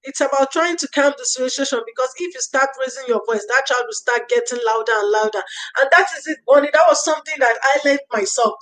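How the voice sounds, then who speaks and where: A woman hosts a casual livestream about early years parenting. Her voice sits high. She reads out viewer comments, thanks people by name, and gives earnest advice in which she repeats her key phrases. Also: fast talker, fairly bright tone, poor audio. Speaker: livestream host.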